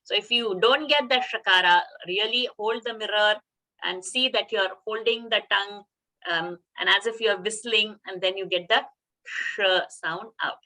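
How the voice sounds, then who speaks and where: A woman teaching a chanting class over a video call, slowly sounding out syllables to show the right pronunciation. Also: medium pitch, pushed and bright, rough recording. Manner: slow, careful syllable-by-syllable demonstration. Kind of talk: online chanting lesson.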